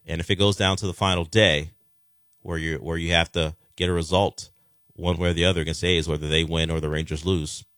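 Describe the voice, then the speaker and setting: A man's voice: low voice, level tone, a little fast, a bit bright, dry recording, studio quality. A man hosting a sports talk radio show, chatting casually and rambling with frequent restarts.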